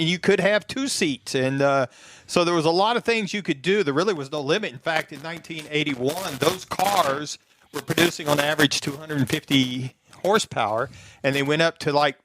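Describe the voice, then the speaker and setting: A man's voice: a little high, fairly bright tone, dry recording. Folksy Texan man explaining rally history. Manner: folksy, rambling, laughs easily. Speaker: car show co-host. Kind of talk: casual chat, explaining history.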